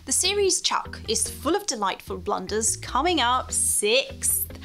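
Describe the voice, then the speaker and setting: A woman narrates a scripted countdown in a playful, wry tone. Her voice sits on the higher side and she takes her time over each point. Soft music plays faintly underneath. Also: sing-song, unhurried. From Russia. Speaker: host.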